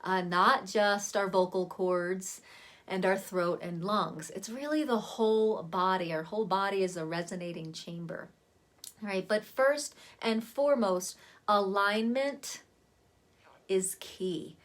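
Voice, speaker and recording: A woman vocal coach giving a relaxed, chatty lesson on voice warm-ups, talking to the camera from a seated spot at home. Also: medium pitch, takes it slowly. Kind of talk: casual spoken voice lesson.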